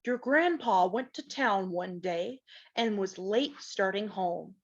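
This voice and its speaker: A man's voice: sits high, expressive, takes it slowly, highs cut off, pitched below the performer's own voice, heavily acted. A woman doing a fond storytelling pioneer dad. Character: warm storytelling pioneer father, playful.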